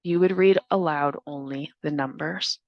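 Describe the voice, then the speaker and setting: A woman explains testing rules to school staff in a clear, deliberate, instructional way. Her voice sits a little low. The recording is dry and close, with no room sound. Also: no echo, dull audio. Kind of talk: scripted training narration.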